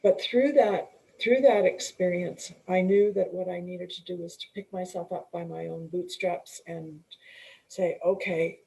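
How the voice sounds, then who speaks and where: A middle-aged woman, a coach and author, telling her story as a guest in an interview, earnest and unhurried, often restarting and clearing her throat. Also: fairly low pitch, warm tone, poor audio.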